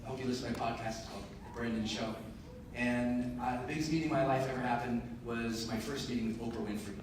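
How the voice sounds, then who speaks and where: A man giving a live motivational keynote in a large conference hall, telling a story in an animated, emphatic way with self-deprecating humor. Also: mid-range voice, fast, noisy background. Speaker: motivational speaker. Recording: echoey hall, distant mic, audible room ambience.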